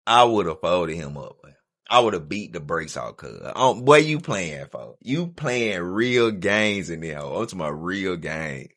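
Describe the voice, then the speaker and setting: A man's voice: deep voice, expressive, a little slow, a bit bright. A man hosting a reaction video, talking back in a boisterous, slangy, repetitive way. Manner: boisterous, slangy, repeats himself. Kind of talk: reaction commentary.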